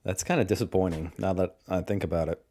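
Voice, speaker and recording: American man, low-ish voice, General American accent, loose self-mocking reaction host. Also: steady tone, fast, warm tone. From Pittsburgh, United States. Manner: joking, rambling, self-deprecating. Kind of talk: casual reaction commentary.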